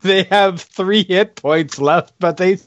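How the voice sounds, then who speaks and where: A man's voice: high-pitched, takes it slowly, dull audio. A man playing in a tabletop game, unsure as he checks rules and rolls for his creatures. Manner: unsure, asks about rules while rolling. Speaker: player (paladin). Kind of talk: casual tabletop play.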